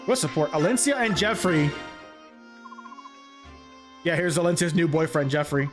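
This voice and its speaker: A man streaming a video game, rambling and joking with chat in a loose, animated way. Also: on the high side, normal speed, pauses often, soft background music. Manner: animated, rambling, jokey, laughs often. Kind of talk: live gaming commentary.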